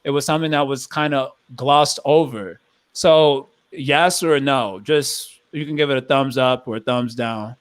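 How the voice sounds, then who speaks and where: A man's voice: mid-range voice, fairly even intonation, measured pace, clean tone, no echo. A young man hosting a podcast, telling a story and asking a long question in a thoughtful, rambling way. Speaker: podcast host. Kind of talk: casual podcast chat.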